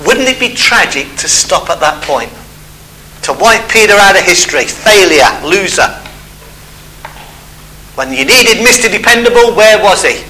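A man's voice: high voice, expressive, measured pace, pauses often, bright, forceful tone, a little hiss or hum, rough recording. A man preaching a sermon, telling a Bible story and acting out the characters' voices.

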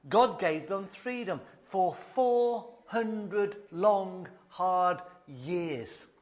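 A man preaching a sermon, emphatic and conversational, fond of repetition and light asides. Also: high-pitched.

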